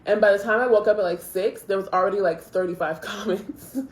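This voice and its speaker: A young woman casually telling a travel story to camera, chatty and animated, acting out what people said. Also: medium pitch, brisk, roomy sound. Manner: chatty, animated retelling with quoted asides. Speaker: vlogger.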